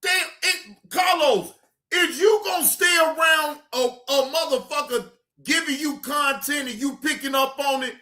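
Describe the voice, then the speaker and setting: A reaction streamer delivers a heated, profane rant straight to the chat, repeating curt goodbyes and breaking into shouted bursts. The voice sits high and bright, and the talk moves at an unhurried, drawn-out pace. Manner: repetitive dismissive sign-offs. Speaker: livestream reaction host.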